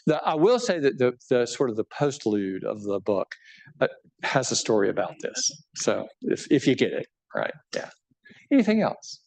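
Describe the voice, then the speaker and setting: A middle-aged bishop with a mid-range, gravelly voice speaks at a moderate pace, chatting casually with an audience about his book and taking their questions. His manner is conversational and animated, full of restarts and frequent "right?" check-ins.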